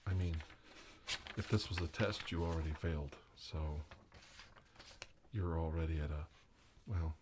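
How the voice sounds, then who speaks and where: A man doing a whispered role-play as a comic ASMR host, teasing and mock-soothing, with soft talk and whispers. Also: sits low, unhurried, pauses often, very noisy.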